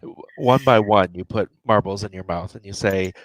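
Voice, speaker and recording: A man joins a relaxed writing livestream and tells jokey stories, laughing as he goes. His voice sits a little low. The recording is dry and close. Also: moderate pace, dry recording, low-quality recording. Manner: jokey storyteller, laughs while telling. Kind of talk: casual chat.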